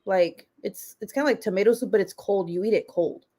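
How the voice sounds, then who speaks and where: A woman's voice: medium pitch, a little fast, warm tone, breathy edge. A middle-aged woman chatting as a guest on a livestream, rambling and loose, laughing and swearing casually.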